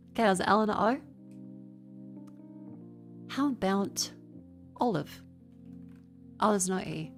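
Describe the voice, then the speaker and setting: A woman streamer, stuffy from a sinus infection, chatting casually on a desk mic in a profane, rambling, excitable way. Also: medium pitch, slow, pauses often, faint music behind. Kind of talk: casual gaming stream chat. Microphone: desk microphone.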